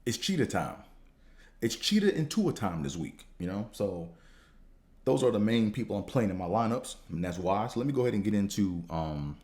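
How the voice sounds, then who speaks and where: A man hosting a podcast, talking in a casual, slangy, profane monologue that rambles and jumps higher when he gets fired up. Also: big pitch swings, moderate pace, a little mellow. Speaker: podcast host.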